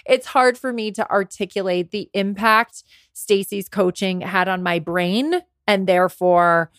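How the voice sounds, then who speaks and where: A woman's voice: mid-range voice, unhurried, fairly bright tone, dry recording, clean studio sound. A woman around forty, hosting her podcast, tells a candid personal story. She says she is worn out and under the weather, and her talk gets emotional and full of restarts. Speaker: podcast host and business coach.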